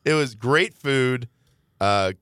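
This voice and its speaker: A man's voice: medium pitch, expressive, slow, a bit bright, smooth, no echo, clean studio sound. A man co-hosting a podcast, telling a rambling anecdote in casual chat and laughing often. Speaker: podcast co-host.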